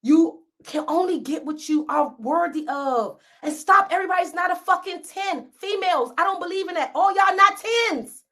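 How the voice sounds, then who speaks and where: A woman hosting a podcast, ranting at her listeners in a blunt, profane, scolding way, swinging between loud outbursts and hushed asides. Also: extremely high pitch, moderate pace, few pauses. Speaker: podcast host. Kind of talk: unscripted rant to listeners.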